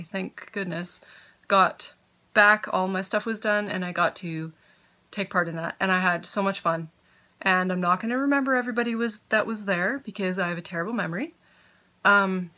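A woman's voice: mid-range voice, pushed and bright. A woman hosting a podcast from home, chatting casually and giggling as she gets sidetracked. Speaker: podcast host. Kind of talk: casual chat.

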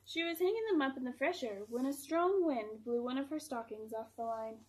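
A woman reading a picture book aloud to children, gentle and expressive. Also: sits high, fairly quick, noisy background.

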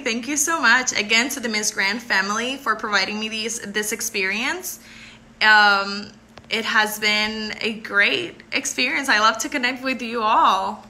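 A woman's voice: mid-range voice, steady tone, sharp tone. A woman, a pageant contestant chatting effusively with viewers on a live stream. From Puerto Rico. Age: 20s. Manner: bubbly and effusive, quick to thank and laugh.

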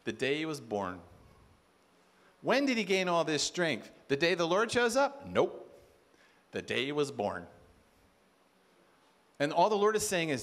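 A man giving a sermon at a conference, animated, acting out quoted voices and asking the crowd rhetorical questions. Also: a little high, a little slow, long pauses. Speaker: conference speaker.

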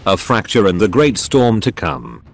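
Brief: a synthetic man reads a formal, menacing machine sorcerer in a storybook tale, low and lively in pitch. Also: normal speed, creaky. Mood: cold. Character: cold ancient male robot sorcerer, scheming.

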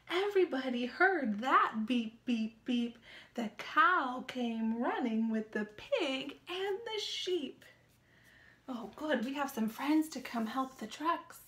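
High, slow, sing-song woman reading to children. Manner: sing-song, animated, asks children questions. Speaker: children's librarian. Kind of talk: children's story time reading with sign language. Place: small room.

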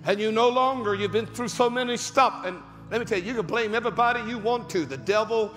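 High, bright-voiced preaching man, shouting. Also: fairly quick. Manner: shouting, preaching with rising bursts. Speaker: pastor. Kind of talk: sermon. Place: large church hall. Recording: reverberant church hall with music.

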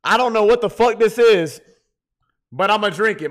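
Tipsy streamer dude, high voice, cussing a lot at chat. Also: male voice, moderate pace, long pauses, fairly bright tone. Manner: profane, rowdy, talks straight to chat. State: tipsy from drinking. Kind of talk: casual gaming livestream chat.

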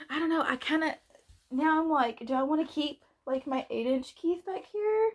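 A woman's voice: sits high, moderate pace. A woman vlogger chatting casually through an unboxing, gushing and laughing often.

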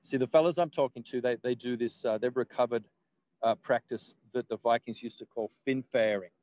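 A man's voice: mid-range voice, steady tone, a little fast, darkish tone, no room sound, low-quality recording. A man, a guest in casual conversation, rambling with laughs and the odd swear word.

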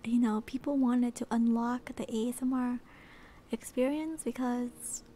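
A female livestreamer chatting in whispered role-play, soft and bubbly, at home at night. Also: a little high, fairly even intonation, a little slow, a little hiss or hum.

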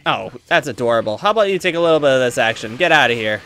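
A man giving let's play commentary, excitable and rambling, trash-talking his opponents as he plays. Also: medium pitch, racing. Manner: excitable, trash-talks opponents while playing; rambling with many fillers. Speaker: gaming channel host.

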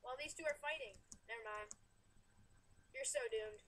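A woman's voice: high-pitched, very animated, moderate pace, fairly bright tone, a little hiss or hum. A young woman co-playing a video game, chatting, laughing and calling out the action. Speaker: co-player. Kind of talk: casual gameplay commentary.

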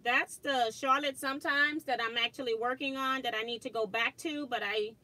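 A woman's voice: sits high, fairly even intonation, normal speed, sharp tone, poor audio. A middle-aged woman hosting a casual quilting livestream, chatty and laughing often as she reads viewer comments aloud. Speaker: quilting channel host.

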